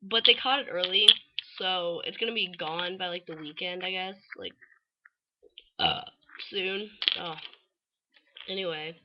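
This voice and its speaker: A woman's voice: on the low side, steady tone, unhurried, long pauses, highs cut off, background noise. A teenage girl vlogging in a casual, rambling way, full of fillers and offhand swearing. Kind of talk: casual rambling chat to camera.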